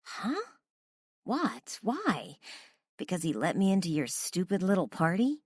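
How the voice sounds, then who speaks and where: A woman's voice: lowish voice, very animated, a little slow, breathy edge, no room sound, clean studio sound, voice pushed up, full character voice. A woman voicing a tipsy, feisty young heroine who talks back in a sassy, whiny way. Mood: tipsy, indignant.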